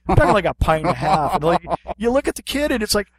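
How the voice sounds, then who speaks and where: Speaking quickly in a high-pitched voice, a male podcast co-host who teaches martial arts relates an amusing anecdote with animation. The chat is casual, packed with fillers and restarts.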